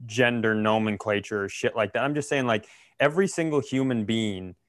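A man's voice: lowish voice, fairly quick, no echo, clean studio sound. A male comedian co-hosting a podcast, telling a story in casual chat and swearing freely.

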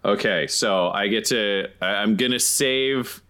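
A man playing a tabletop game, playfully pitching goofy moves for his character. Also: unhurried, pushed and bright. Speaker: player. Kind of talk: describing actions in a tabletop game.

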